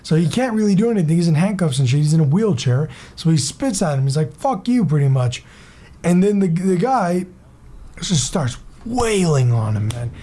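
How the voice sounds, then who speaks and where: A man's voice: on the high side, expressive, normal speed, warm tone, slightly rough. A young man hosting his own gaming channel, ranting in a heated, rambling way with lots of swearing, fillers and restarts. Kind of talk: casual vlog rant.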